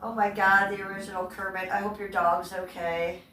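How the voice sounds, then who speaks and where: A woman's voice: mid-range voice, little pitch movement, moderate pace, pushed and bright. A woman hosting a casual livestream from home on a phone microphone, chatting with viewers and her pets. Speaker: livestream host. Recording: roomy, distant phone audio, faint noise.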